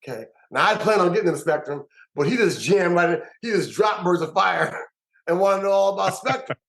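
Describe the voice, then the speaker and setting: A man, a musician and producer, telling stories in an interview with an emphatic, animated way of talking and lots of repeated words. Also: sits high, a little fast, gravelly, low-quality recording. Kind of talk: storytelling interview.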